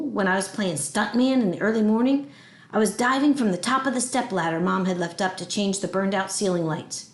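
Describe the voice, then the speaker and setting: A woman reading a children's novel aloud with expressive storytelling. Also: mid-range voice, echoey room. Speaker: audiobook reader.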